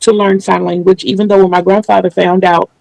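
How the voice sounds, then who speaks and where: A woman's voice: mid-range voice, level tone, a little fast, creaky, mellow, no room sound, poor audio. A woman hosting a casual video interview, speaking earnestly and explaining things at length with small restarts. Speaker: channel host interviewing a guest.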